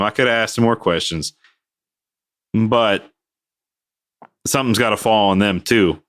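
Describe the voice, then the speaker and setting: This podcast co-host, an aviation maintenance worker, recounts something from work in a relaxed conversation, mimicking the people he quotes with large vocal leaps. He speaks on the low side at a moderate pace, leaving long pauses, and his tone is fairly bright.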